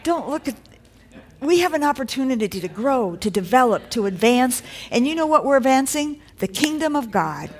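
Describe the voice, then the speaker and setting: A woman's voice: high-pitched, sing-song, moderate pace. A woman preaching a sermon to a congregation in a church, in a conversational, encouraging way that builds to rising exhortations.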